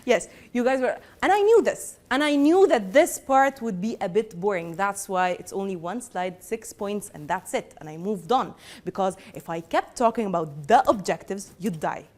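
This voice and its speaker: A woman with an Egyptian accent giving a lively classroom lesson as a lecturer, switching between Arabic and English and teasing her students. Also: medium pitch, normal speed, hardly any pauses.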